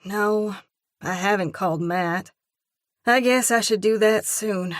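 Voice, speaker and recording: A woman's voice: mid-range voice, takes it slowly, no echo, clean studio sound, voice pushed up, close to an everyday voice. Woman voicing a spirited, prickly young heroine. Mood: defensive. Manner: clipped, sharp retorts.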